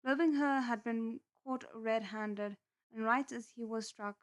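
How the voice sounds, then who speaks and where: A woman reads a novel aloud on a live stream, her voice a little high, with chatty, expressive asides between passages. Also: unhurried. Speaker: novel reader.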